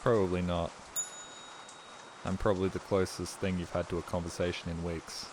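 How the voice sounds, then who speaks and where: A man's voice: low voice, level tone, normal speed, noisy background. A man streaming a game, rambling with crude, self-mocking jokes in casual commentary.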